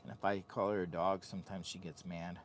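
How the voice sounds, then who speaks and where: A man's voice: deep voice, flat delivery, a little fast, slight background noise. A man hosting a casual camping vlog from inside a heated tent. He talks in a goofy, rambling, hyped-up way into a phone camera. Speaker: vlogger host.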